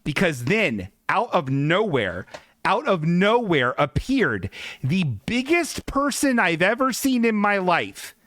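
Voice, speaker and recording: A man spins a rambling comedy anecdote on a podcast, his voice pitched high and leaping up and down. He plays it up, circling back and naming himself. The sound is close and dry, with no room around it. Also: a bit bright, no room sound. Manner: rambling, exaggerated, repeatedly names himself. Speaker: podcast host in character. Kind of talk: comedic storytelling.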